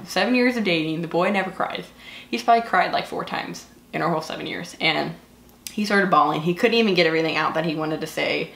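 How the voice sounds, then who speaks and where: A woman's voice: lowish voice, a bit bright, a little hiss or hum. A woman in her twenties with a Southern US accent, chatting casually and gushing while doing her makeup, with lots of fillers. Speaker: beauty vlogger. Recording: echoey room.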